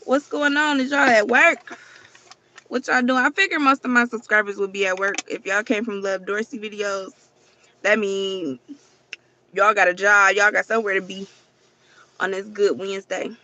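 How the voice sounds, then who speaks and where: A woman's voice: medium pitch, fairly even intonation, moderate pace, long pauses, sharp tone. A woman hosting a casual livestream, chatty and profane, who keeps talking straight to her viewers. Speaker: livestream host.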